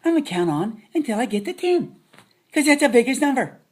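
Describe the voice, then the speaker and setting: Husky, lively woman teaching kids math. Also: sits high, a little fast. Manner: silly, joking asides. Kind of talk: playful kids' math lesson.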